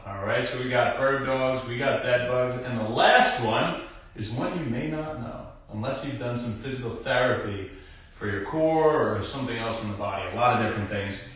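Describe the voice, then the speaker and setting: A young man in a casual coaching style talks viewers through exercises, and his voice sits at an ordinary pitch. He is recorded in a very echoey clinic room. At times he moves away from the mic. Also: a bit bright, distant mic. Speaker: physical therapist host. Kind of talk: live-stream exercise demonstration.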